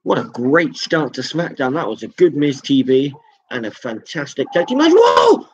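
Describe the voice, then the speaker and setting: A man hosting a live reaction stream, calling wrestling moves with excited jumps and chatting to his viewers. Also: mid-range voice, normal speed, muffled recording, a little hiss or hum. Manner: chatty, thanks viewers directly.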